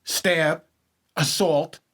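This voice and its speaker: New york guy, a bit high, husky, rambly storyteller, keeps saying man. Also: fairly even intonation, extremely slow, fairly bright tone. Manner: rambling, restarts, says "man" a lot. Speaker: podcast guest. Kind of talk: casual storytelling chat.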